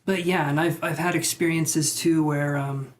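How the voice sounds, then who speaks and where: A man's voice: on the high side, steady tone, moderate pace, a little hiss or hum. Chatty man rambling on a live stream. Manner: rambling, chatty, reacting to viewer comments. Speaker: tarot reader and live streamer. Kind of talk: casual live-stream chat with viewers.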